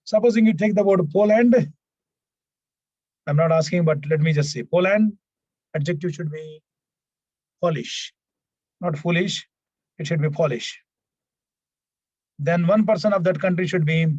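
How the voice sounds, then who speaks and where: A man teaching a grammar class online, repeating himself often and filling pauses with "right, right". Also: fairly high pitch, warm tone, no room sound, dull audio. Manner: repetitive, fills pauses with "what we call it as" and "right, right". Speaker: English teacher.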